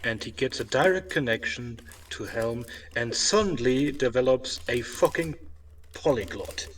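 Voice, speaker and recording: A man's voice: mid-range voice, lively intonation, unhurried, distant mic, a little hiss or hum. A man speaking as a player in a tabletop game, with a dry, sarcastic, swearing manner.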